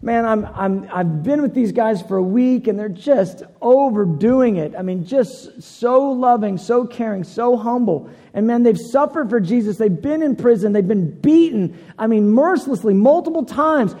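A man's voice: very high-pitched, animated, moderate pace, hardly any pauses, dark tone, long reverb tail. A man preaching a sermon, telling a personal story in an earnest way, often repeating and restarting phrases.

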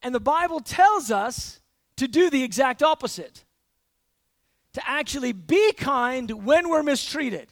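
A man with a strikingly high voice and a gravelly edge preaches in a loose, talky style, stumbling over repeated words as he acts out everyday scenes. His voice sounds close and dry. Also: unhurried, no echo. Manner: animated, acts out everyday scenes with frequent restarts. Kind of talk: conversational sermon.

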